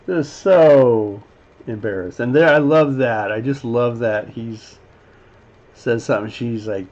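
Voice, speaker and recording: A man casually breaking down an animated scene as a teacher, rambling with lots of fillers and now and then voicing the characters' lines. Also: mid-range voice, unhurried. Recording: slightly dull lo-fi audio with faint background noise.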